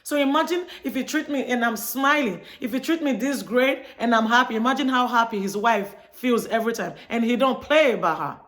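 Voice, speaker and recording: A woman's voice: on the high side, fairly quick, hardly any pauses, a bit bright. Chicago-raised woman chatting to camera, tells stories and plays out both sides of the talk. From Chicago, United States. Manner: chatty storytelling, acts out dialogue. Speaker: vlogger. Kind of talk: casual monologue to camera.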